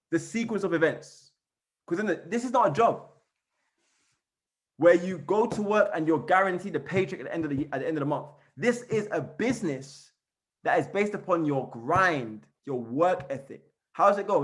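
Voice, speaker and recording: A man giving an energetic motivational training on a call, repeating and chanting phrases as he coaches his team. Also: sits high. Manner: fired-up, repetitive, chanting phrases. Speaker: network marketing trainer. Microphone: call recording.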